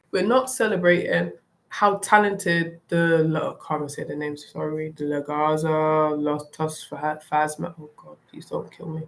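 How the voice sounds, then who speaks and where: A young woman ranting bluntly and with animation, delivering solo wrestling commentary. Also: on the low side. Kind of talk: opinionated solo rant.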